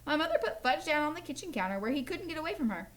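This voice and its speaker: Animated woman reading a storybook aloud. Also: high-pitched, very fast. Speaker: teacher. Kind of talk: reading a chapter book aloud to students.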